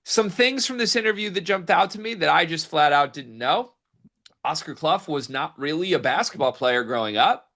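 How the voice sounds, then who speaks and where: A man's voice: on the high side, expressive, normal speed, gravelly, bright, forceful tone. A man hosting a casual sports podcast, teasing his co-host dryly and then recapping an interview.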